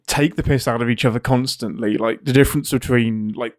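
A man co-hosting a casual podcast chat, animated and laughing as he makes his points. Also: medium pitch, fairly quick, dry recording, studio quality. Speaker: podcast co-host, video writer.

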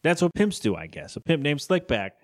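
A man's voice: on the high side, sing-song, a little fast. Rambling, joking podcast co-host man. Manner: rambling, joking, laughs often. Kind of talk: casual chat recapping a cartoon episode.

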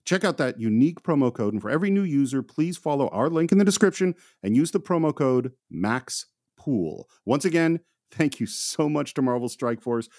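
A man's voice: medium pitch, lively intonation, moderate pace, darkish tone, dry recording, studio quality. A man co-hosting a podcast, reading a sponsor ad in an upbeat, salesy way. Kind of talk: scripted sponsor read.

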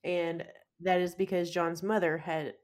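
A woman's voice: on the low side, level tone, a little slow, a little mellow. A woman co-hosting a casual movie chat, laughing often and filling in plot details. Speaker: podcast co-host.

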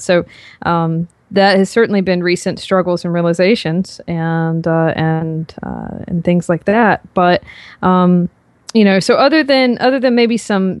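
A woman with a softened Southern US accent, talking as a guest on a podcast, rambling with many fillers and restarts. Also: fairly low pitch, no echo. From American South. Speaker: guest, author and fitness coach. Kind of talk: casual podcast interview. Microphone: podcast microphone.

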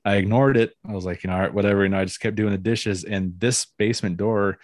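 A man with a very low voice tells a long personal story in a loose, conversational way. He circles back on himself and fills pauses with "you know". The sound is dry and close, with no room around it. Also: steady tone, no room sound. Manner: rambling, full of "you know" fillers, laughs now and then. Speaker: guest telling a personal story. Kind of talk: casual first-person storytelling.

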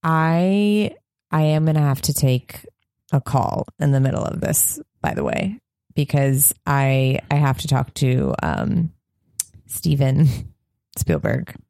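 A woman performing an improv comedy scene, talking in a brisk, bossy way and laughing often. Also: rumbling low, sing-song, gravelly, warm tone, no room sound, clean studio sound.

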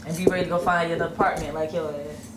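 Blunt, low-voiced woman in casual chat. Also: little pitch movement, quick pace, over a noisy crowd. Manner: blunt, laughing, profane. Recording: echoey room, mic far off, clear noise.

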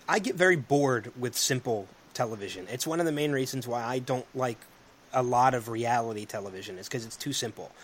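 A man's voice: mid-range voice, a bit bright, slight background noise. A male radio co-host asking questions in casual chat, eager and talking in long run-on sentences.

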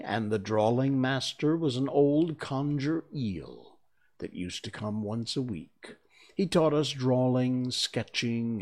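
A man's voice: medium pitch, a little mellow, pitched above the performer's own voice. A man voicing a sobbing, mournful Mock Turtle.

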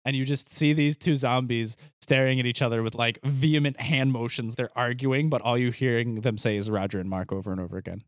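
A man's voice: mid-range voice, steady tone, fairly quick, hardly any pauses, dry recording. A man running a tabletop game as game master, calling for dice rolls and narrating with dry asides.

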